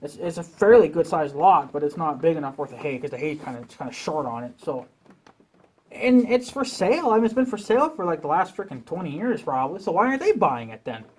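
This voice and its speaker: A man's voice: a little high, sing-song, fast, husky. Profane, irritated man ranting casually. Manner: profane, irritated, rambling rant. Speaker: vlogger. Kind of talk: casual rant to camera.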